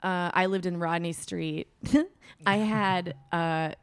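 A woman's voice: fairly low pitch, slow pace, clear, resonant tone, no echo. A woman comedian in her thirties chats on a podcast, telling a long story with laughter and the odd curse. Her voice is close and dry, with no room sound. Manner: animated storyteller, swearing, laughing often. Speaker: comedian guest. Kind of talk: casual podcast chat.

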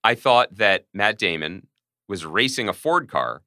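A man's voice: lowish voice, measured pace, dry recording, studio quality. A man co-hosting a podcast, telling wry stories in a casual chat. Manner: wry, animated storytelling. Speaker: podcast co-host.

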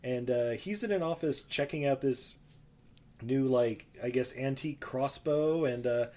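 A podcast co-host with a mellow, mid-range voice and slightly slow delivery recaps a movie. He's chatty and laughs often, drifting into rambling asides.

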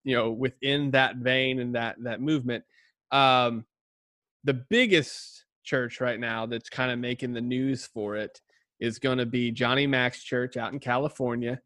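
A man's voice: medium pitch, steady tone, unhurried, fairly bright tone, no echo. A man co-hosting a podcast about church, chatting casually and joking, with rambling restarts. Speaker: podcast co-host, pastor. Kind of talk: casual chat.

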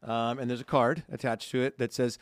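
A man's voice: mid-range voice, little pitch movement, brisk, no echo, clean studio sound. A man co-hosting a holiday podcast, reading listener cards aloud in a chatty way and laughing often. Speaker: podcast co-host. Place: studio. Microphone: studio microphone.

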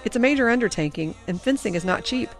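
A woman voicing a tired, hardworking father who speaks in a measured, sighing way. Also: fairly high pitch, lively intonation, soft background music, pitched above the performer's own voice. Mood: defensive. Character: tired hardworking father, gentle but firm.

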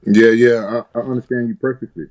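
A man's voice: medium pitch, fairly even intonation, fairly quick, a little mellow, low-quality recording. A man from the United States, a guest in an interview, telling rambling, profane stories with many restarts. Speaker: guest fighter. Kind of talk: casual interview storytelling.

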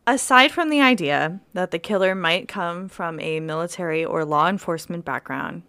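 A woman co-hosting a podcast in casual chat, playful and quick to laugh. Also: on the low side, expressive, pushed and bright, clean tone, no echo. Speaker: podcast co-host.

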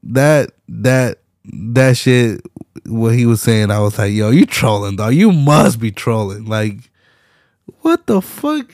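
A man's voice: fairly low pitch, takes it slowly, darkish tone, no room sound, clean studio sound. A young man hosting his own podcast, ranting casually with lots of slang, profanity and laughter. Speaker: podcast host. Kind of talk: casual solo podcast rant.

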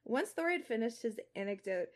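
A woman's voice: fairly high pitch, a little fast. Young woman reading fan fiction aloud. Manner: animated, full of "like" fillers. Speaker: podcast co-host.

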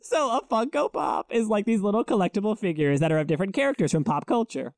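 Animated man telling stories on a podcast. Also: quick pace, no room sound. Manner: animated storyteller, acts out quotes in a higher voice. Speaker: podcast co-host. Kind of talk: casual chat.

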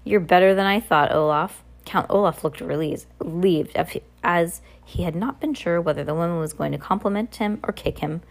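A woman's voice: lowish voice, a little fast, vocal fry, few pauses. A woman reading a novel aloud in a casual manner, often stumbling and correcting herself. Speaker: reader.

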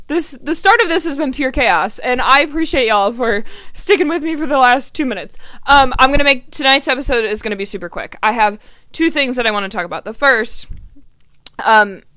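A woman's voice: medium pitch, bright, forceful tone, no room sound. A woman, hosting a casual podcast and chatting freely with many ums and a little swearing. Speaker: podcast host. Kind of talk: casual chat. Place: grandparents' house.

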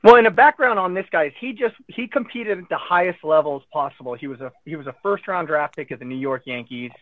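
A man's voice: a little high, quick pace, no room sound. A man recounting his cancer diagnosis in casual conversation, acting out what friends and doctors said to him. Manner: animated retelling, acting out quotes of others. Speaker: guest telling his cancer story. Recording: tinny phone-line sound.

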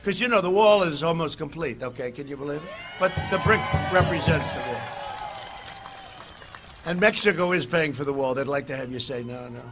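A man giving a campaign rally speech outdoors, rambling and digressive, swinging between shouted lines and low asides. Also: brisk, loud music behind the voice, a loud crowd. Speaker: political candidate at a rally.

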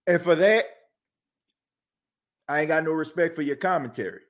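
A man's voice: on the high side, moderate pace. A man hosting a sports podcast, ranting heatedly and repeating himself. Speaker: podcast host. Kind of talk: casual sports talk.

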